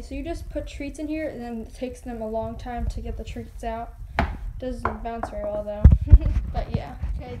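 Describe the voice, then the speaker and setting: A young woman hosting a casual pet vlog at home, chatting and coaxing her pets in baby talk. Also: high voice. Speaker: pet channel host. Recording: loud background noise.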